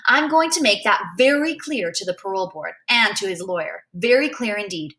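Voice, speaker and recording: A woman's voice: medium pitch, animated, brisk, pushed and bright. A woman reading as a soothing woman principal. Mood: reassuring. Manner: soothing, earnest. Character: kind reassuring woman school principal.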